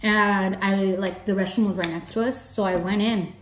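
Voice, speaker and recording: A young woman in her early twenties chats to her camera in a loose, storytelling vlog. She swears freely and talks at a middle pitch. The sound bounces around a roomy space. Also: fairly even intonation, moderate pace. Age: early 20s. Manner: chatty, swears freely, acts out her own past lines with rising pitch. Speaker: beauty vlogger. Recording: roomy echo.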